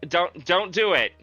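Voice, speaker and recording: Male streamer, sarcastic joking chat, fairly high bright voice, faint game music. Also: vocal fry, breathy edge, no room sound, lo-fi sound. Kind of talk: casual livestream gameplay chat.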